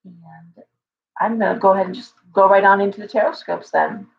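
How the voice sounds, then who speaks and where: A woman's voice: medium pitch, steady tone, gravelly. A woman who owns a shop, hosting a live stream and telling stories in a rambling way, often stopping and starting over. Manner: rambling, storytelling with halting restarts. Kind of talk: casual livestream chat. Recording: dull lo-fi stream audio.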